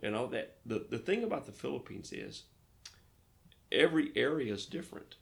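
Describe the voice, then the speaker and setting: A man from Arkansas, a pastor, telling lively stories in a casual interview and acting out the dialogue. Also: medium pitch, moderate pace, gravelly. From Arkansas, United States. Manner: lively storyteller who acts out dialogue.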